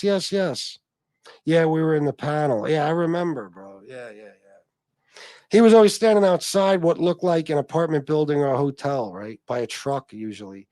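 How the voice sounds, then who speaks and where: A man's voice: mid-range voice, darkish tone, no room sound. A man hosting a casual livestream, reading chat comments aloud, blunt and profane, calling viewers bro. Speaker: livestream host.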